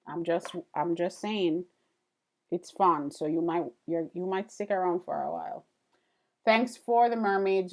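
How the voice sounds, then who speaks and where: A woman's voice: fairly low pitch, gravelly, darkish tone. Woman live-streamer, casual and rambling, thanking her chat between drawing steps. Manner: chatty, thanks viewers, many fillers and restarts.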